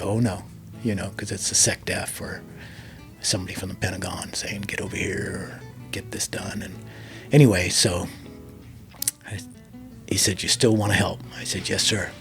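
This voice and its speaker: Low gravelly-voiced man telling war stories. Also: steady tone, moderate pace, fairly bright tone, soft background music. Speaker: interview guest, army veteran pilot. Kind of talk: storytelling in a podcast interview.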